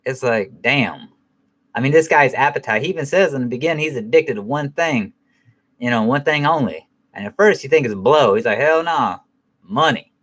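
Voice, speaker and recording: A man's voice: medium pitch, a little fast, a bit bright. Middle-aged guy rambling about a movie, swearing a lot, stops and fixes what he said. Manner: rambling, profane, self-correcting. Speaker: film reviewer. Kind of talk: casual spoken film review.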